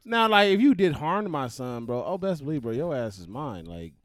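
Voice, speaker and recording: A man in casual, profane podcast chat, loud and often laughing. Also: a little high, sing-song, fairly quick, dry recording, clean studio sound.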